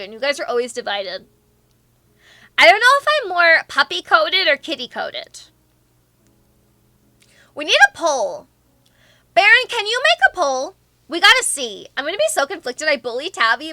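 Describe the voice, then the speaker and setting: A woman's voice: sits high, pushed and bright, no echo. A young woman streamer chatting casually and reading out viewer comments, bubbly and playfully teasing.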